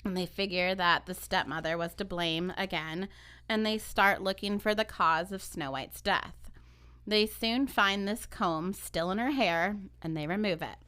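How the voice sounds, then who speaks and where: A woman on a podcast retells an old fairy tale in a relaxed, chatty way. Her voice is bright and forward. She keeps the story moving with easy, animated asides. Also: on the low side, clear, resonant tone. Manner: animated, quick to agree and laugh. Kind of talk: casual storytelling chat.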